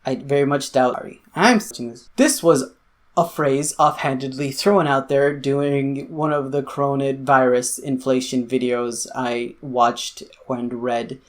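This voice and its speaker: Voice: mid-range voice, unhurried. Angry vlogger, sputtering sarcastic rant, lots of cursing. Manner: sarcastic, profane, sputtering with anger. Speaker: commentary vlogger.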